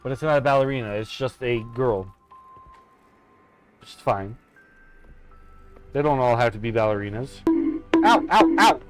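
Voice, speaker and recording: A man's voice: medium pitch, moderate pace, long pauses, soft background music. A man streaming a horror game live, commenting as he explores and making playful, mock-dramatic asides to himself.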